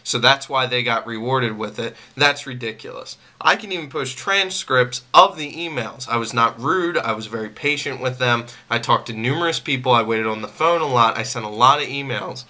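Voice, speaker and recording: An angry man rants straight to camera, his voice strikingly bright and sharp. He circles back to the same complaints again and again, stumbling over his words and restarting sentences as his irritation builds. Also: medium pitch, normal speed, few pauses. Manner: irritated, repetitive, stammering restarts. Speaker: vlogger.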